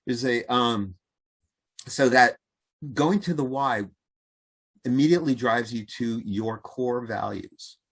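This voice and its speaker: Man, podcast guest, communication coach, animated, mid-pitched, acts out quotes. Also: takes it slowly, pauses often. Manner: animated, acts out quoted voices, laughs easily. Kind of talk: conversational interview.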